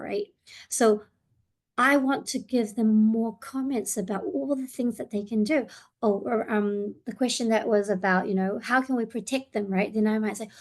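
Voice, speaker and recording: Woman, therapist running a parent workshop; higher voice, chatty, thinks aloud. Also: steady tone, normal speed, a little mellow. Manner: friendly, thinking aloud with many fillers. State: voice breaking slightly. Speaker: therapist leading a parent seminar. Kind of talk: online seminar presentation.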